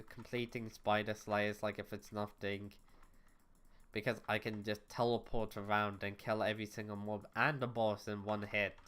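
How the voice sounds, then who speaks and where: Smooth-voiced man ranting on a game stream. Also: fairly low pitch, a bit bright. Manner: rambling, blunt, swears, exasperated. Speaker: VTuber streamer. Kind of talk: casual gaming livestream chat.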